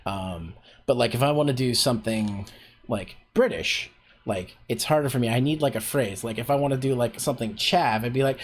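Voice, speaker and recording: A man's voice: mid-range voice, a little fast. A man hosting a casual voice acting workshop on a stream, talking loosely with lots of filler words. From Canada. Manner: loose and rambling, heavy on fillers like "like" and "um". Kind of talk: casual livestream teaching.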